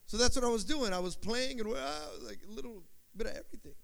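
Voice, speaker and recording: A man preaching a sermon, telling a story with animated delivery and repeating phrases for emphasis. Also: sits high, fast, gravelly, few pauses.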